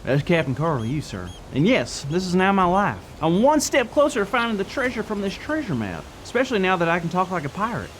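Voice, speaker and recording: A silly male kids' show character, voiced by a performer, who is all in on being a pirate. He talks in a lively, swooping voice and growls out pirate lingo. There is a faint bit of noise in the background. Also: medium pitch, brisk, hardly any pauses, lightly acted. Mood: proud. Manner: playful, slips into a growly pirate voice. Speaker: show host. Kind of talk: scripted children's show.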